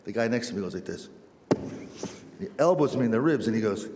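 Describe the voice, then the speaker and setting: A man who is a missionary priest, telling a self-deprecating story to a parish with many halting restarts. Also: lowish voice, animated, a little mellow, a little hiss or hum. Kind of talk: storytelling church talk. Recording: echoey church hall.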